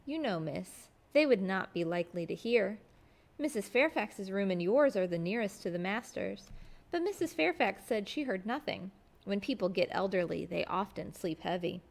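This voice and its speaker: A woman reading aloud as a composed, guarded middle-aged woman servant, measured and prim. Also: mid-range voice, lively intonation, gravelly. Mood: cool.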